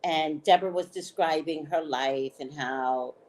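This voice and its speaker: A woman host telling a story in a casual chat, animated and laughing, salty, often checking in with "right?". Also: low voice, unhurried. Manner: frank, salty slang.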